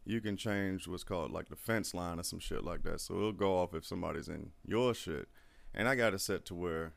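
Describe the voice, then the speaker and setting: Low gravelly man telling a story. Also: fairly quick. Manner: profane, animated storyteller who acts out quotes. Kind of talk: casual storytelling chat.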